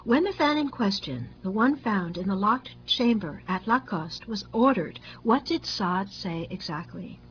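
A woman's voice: medium pitch, lively intonation, unhurried, hardly any pauses, muffled recording, a little hiss or hum, close to an everyday voice. A woman reading aloud and voicing a stern interrogator who asks terse, demanding questions. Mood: probing.

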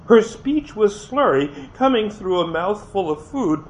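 Male reader, fairly high voice, first-person novel, expressive with small slips; lo-fi, light hiss. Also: measured pace, few pauses. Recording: dull lo-fi with faint hiss.

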